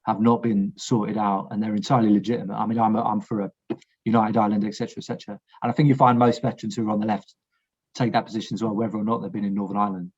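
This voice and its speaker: Husky low-voiced man, frank podcast guest, dull lo-fi recording. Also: level tone, rapid-fire, a little mellow. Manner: frank, blunt, swears, restarts sentences. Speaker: war veteran guest. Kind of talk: casual podcast conversation.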